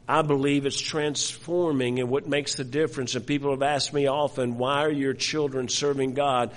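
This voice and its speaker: A man's voice: mid-range voice, steady tone, moderate pace, hardly any pauses. Man preaching in a reverberant hall. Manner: storytelling, repeats words, many restarts. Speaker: pastor. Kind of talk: sermon with personal story.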